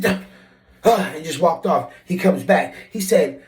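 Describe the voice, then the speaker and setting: A man telling a story from his old job in a casual, animated and profane way, acting out what people said. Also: fairly high pitch, normal speed, roomy sound. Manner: animated, profane, acts out quotes with shifting voice. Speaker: vlogger telling a work story.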